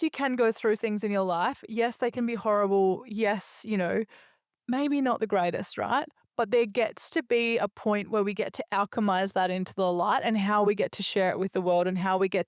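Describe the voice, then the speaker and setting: A woman's voice: medium pitch, no room sound, clean studio sound. A young adult woman hosting a solo podcast, speaking casually and reflectively with many fillers and self-corrections. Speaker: podcast host.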